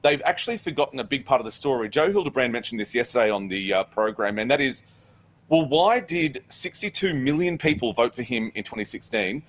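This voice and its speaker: A man's voice: medium pitch, lively intonation, fairly quick, slight background noise. A man on a talk show panel, making an earnest argument in casual chat. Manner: earnest, builds an argument with filler restarts.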